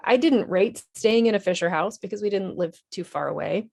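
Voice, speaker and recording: A woman's voice: mid-range voice, brisk, gravelly, darkish tone. A woman, an Army veteran and nonprofit director, telling her story in a TV interview in an earnest, candid way with small restarts.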